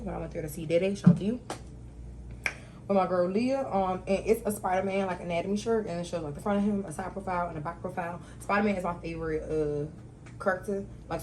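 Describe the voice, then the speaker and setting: A young woman hosting her own talk show, telling stories casually with slang and sudden loud outbursts. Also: fairly low pitch, slight background noise, rough recording.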